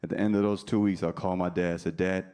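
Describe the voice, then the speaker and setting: A man's voice: low voice, flat delivery, rapid-fire, mellow, smooth. A man in his thirties doing a stand-up set, brash and profane, teasing the crowd. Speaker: stand-up comedian. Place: comedy club stage. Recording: live club recording with faint crowd.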